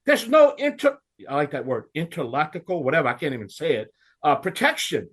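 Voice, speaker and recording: A man's voice: sits high, big pitch swings, a little fast, pushed and bright. A man with a Cajun accent hosting a home improvement radio talk show, folksy and ranting.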